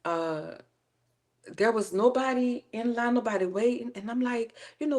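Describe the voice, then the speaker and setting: A woman's voice: a little high, normal speed. A woman, chatting casually and acting out quoted exchanges as she tells stories. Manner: animated storyteller acting out quoted exchanges, laughing often. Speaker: host. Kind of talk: casual chat.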